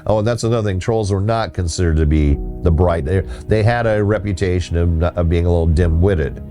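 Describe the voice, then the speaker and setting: A man with a low, mellow voice gives a casual folklore talk. He rambles and often restarts his sentences. Faint music plays behind him. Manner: rambling, halting, with many restarts. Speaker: host.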